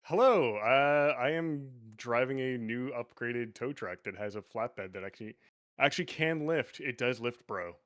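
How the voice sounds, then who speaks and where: A man's voice: mid-range voice, unhurried, a bit bright, dry recording, clean studio sound. A man co-hosting a casual gaming podcast, joking, swearing and laughing. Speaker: podcast co-host.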